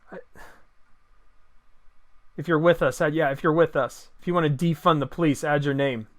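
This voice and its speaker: A man's voice: fairly high pitch, fairly even intonation, normal speed. A man delivering an opinion monologue, combative and sarcastic, firing off rhetorical questions. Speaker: political commentator.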